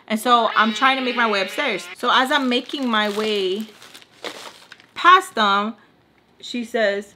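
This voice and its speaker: A young woman telling a storytime tale in casual chat, animated and exasperated, filling her talk with "like". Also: on the high side, slow pace, noisy background. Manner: animated, exasperated, heavy use of "like". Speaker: vlogger.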